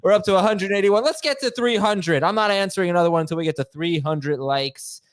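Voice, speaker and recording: A man's voice: high voice, fast talker. A man hosting a live fantasy football Q&A, reading viewer questions aloud and cracking puns. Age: adult. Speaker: host.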